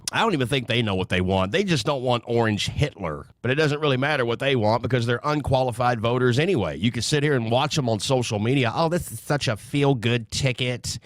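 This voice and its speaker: A man's voice: medium pitch, no room sound. Blunt, profane ranting man. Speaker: political commentary host. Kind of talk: ranting political commentary.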